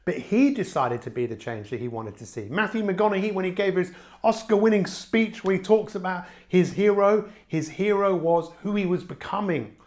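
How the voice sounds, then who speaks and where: Emphatic, fairly high-voiced man coaching. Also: expressive, normal speed. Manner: emphatic, with big swings in pitch and loudness. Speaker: life coach. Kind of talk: motivational talk to camera.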